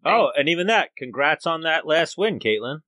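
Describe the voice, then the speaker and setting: Bright-voiced man, dry close sound. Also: a little high, very animated, moderate pace, no room sound. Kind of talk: casual chat, fight preview.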